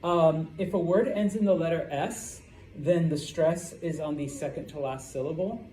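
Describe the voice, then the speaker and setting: A man's voice: on the high side, moderate pace, warm tone. Man teaching in an echoey classroom. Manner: checks in with "okay?" after each point. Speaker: Spanish teacher. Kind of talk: classroom lecture. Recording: roomy classroom with faint background noise.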